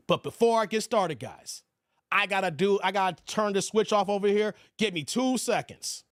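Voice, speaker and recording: A man's voice: normal speed, no echo, clean studio sound. A man hosting a casual live stream from home, telling stories and acting out quotes in a raised voice. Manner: animated storytelling, voices his quotes high and loud.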